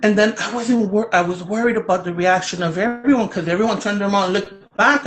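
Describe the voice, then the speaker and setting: Loud, expressive Puerto Rican-accented woman. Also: mid-range voice, quick pace, hardly any pauses, rough recording. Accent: Puerto Rican Spanish. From Puerto Rico. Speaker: children's book author. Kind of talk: casual storytelling in an interview.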